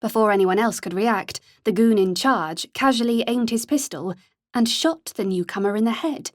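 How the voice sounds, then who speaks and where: A woman narrating an audiobook in a measured, steady storytelling manner. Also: a little high, no room sound, clean studio sound.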